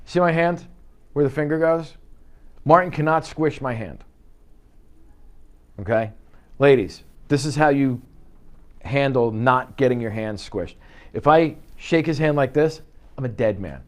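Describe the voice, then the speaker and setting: Energetic man coaching a sales team. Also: medium pitch, unhurried, long pauses. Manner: energetic, coaching, acts out client exchanges. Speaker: real estate sales trainer. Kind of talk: live sales training talk. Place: office meeting room.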